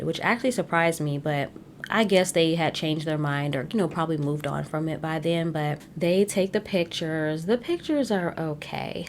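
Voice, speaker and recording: A low-pitched woman recaps in a casual, sassy podcast chat. She is blunt and opinionated, with slangy asides and quick laughs. A faint rumble sits under her voice. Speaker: podcast host recapping a reality show.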